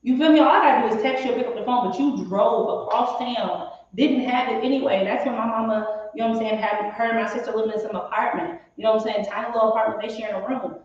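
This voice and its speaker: Talking fast with hardly any pauses, this late-twenties woman has a voice on the high side. She chats candidly and casually with emphatic conviction, frequently asking "you know what I'm saying." The dull, lo-fi recording puts her far from the mic in a very echoey room.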